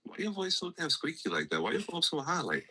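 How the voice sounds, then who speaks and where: A man's voice: a little high, huge pitch swings, fast talker, sharp tone, husky, rough recording. A man from City, a guest on a live stream, bantering in a blunt, profane, teasing way. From Jersey City. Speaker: guest on a livestream. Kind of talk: casual banter.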